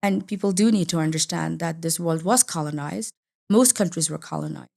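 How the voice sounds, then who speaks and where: A woman's voice: sits low, a little fast, vocal fry, a little mellow. A woman from India, a guest on a podcast, talking expressively and emphatically, laughing easily and rephrasing herself mid-sentence. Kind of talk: conversational podcast interview.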